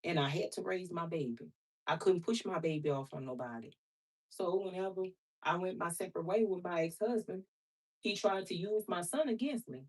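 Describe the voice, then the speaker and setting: A woman's voice: medium pitch, breathy edge. Outspoken woman tarot reader, plain-spoken and profane, addresses viewers like sisters, mic a little far off. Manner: blunt, outspoken and preachy, swears freely; talks to viewers as sister and baby. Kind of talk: casual vlog chat to viewers.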